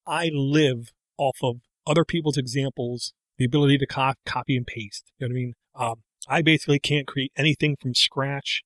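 A man's voice: medium pitch, steady tone, a little fast, hardly any pauses, a bit bright, no room sound. A middle-aged man co-hosting a casual chat, rambling and breaking off into tangents. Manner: rambling, self-interrupting, tangents. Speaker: podcast co-host.

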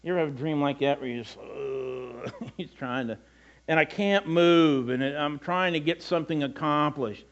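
A man's voice: a little high, brisk, highs cut off. A middle-aged male pastor preaching a sermon in a conversational way, with self-deprecating asides and frequent repetitions.

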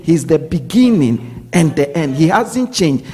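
A man's voice: fairly high pitch, big pitch swings, measured pace, dark tone, soft background music. A man preaching a sermon, repeating his points and often asking his listeners whether they follow. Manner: repetitive preaching, checks in with listeners.

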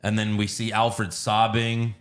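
Excitable man recapping a movie. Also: fairly low pitch. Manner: animated, profane storytelling with quick voice impressions. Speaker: podcast host recapping a film. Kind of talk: casual chat.

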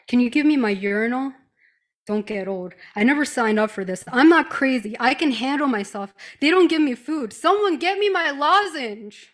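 A woman performing a spoken-word piece at a live reading, reciting plaintive, repeated complaints in a patient's voice. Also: fairly high pitch. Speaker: reader at a live reading event.

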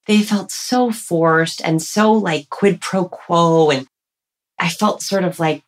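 A woman author, a podcast guest, talking casually and energetically, explaining her ideas in a playful way. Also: fairly low pitch. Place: standing while recording.

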